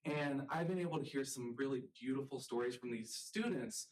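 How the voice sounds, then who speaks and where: A man from the rural South speaks earnestly as he presents his research, pausing often with ums. His voice sits at an ordinary middle pitch, and the mic picks him up from some distance across a lecture room. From rural American South. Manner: earnest, halting, with frequent ums. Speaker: college art professor presenting research.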